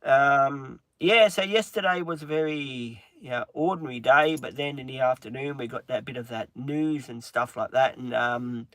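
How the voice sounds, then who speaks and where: Bright-voiced man talking haltingly on a livestream. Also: medium pitch, no room sound. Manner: halting, frequent ums and restarts; earnest, openly upset. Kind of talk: casual livestream chat.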